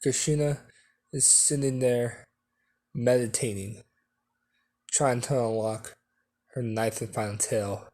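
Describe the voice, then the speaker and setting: A man's voice: medium pitch, steady tone, takes it slowly, pauses often, warm tone. A man telling a fan story casually, rambling with fillers and restarts.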